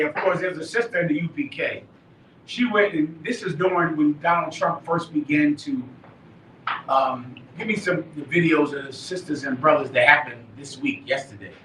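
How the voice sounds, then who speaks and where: A man leading a live class, preaching emphatically, dropping quiet then shouting. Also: on the high side, a little hiss or hum. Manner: emphatic, swings from quiet to shouting, laughs and swears. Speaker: class leader. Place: live meeting room. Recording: echoey room from far off.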